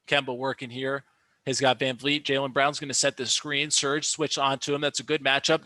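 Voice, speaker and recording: A man's voice: medium pitch, no room sound. A young man doing casual live-stream basketball commentary, reacting and ranting about calls with lots of restarts and fillers. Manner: animated, quick to rant, lots of fillers and restarts. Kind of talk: excited play-by-play and reaction commentary.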